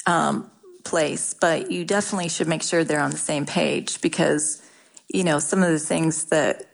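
A middle-aged woman talking candidly in an interview, halting often and restarting her sentences. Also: deep voice, steady tone, creaky. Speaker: guest sharing her cancer story. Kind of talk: casual interview talk.

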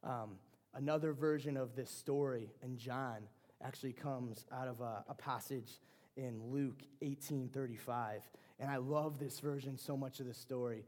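A man preaches in a relaxed, conversational way and often restarts his phrases. His voice sits in a mid register with a mellow, warm tone. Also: mid-range voice, normal speed. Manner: conversational, with frequent restarts and fillers. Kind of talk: sermon.

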